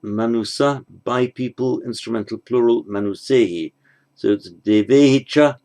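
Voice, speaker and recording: A man with a warm, mid-range voice gives a spoken grammar lesson, working slowly and methodically through translation exercises. He thinks aloud, pausing as he goes.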